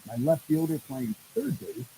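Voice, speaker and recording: A man, a head baseball coach guest on a podcast, telling stories in a lively way and acting out what people said. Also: on the high side, moderate pace, vocal fry, a little hiss or hum, rough recording. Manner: animated storyteller, acts out quoted dialogue. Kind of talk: casual podcast storytelling.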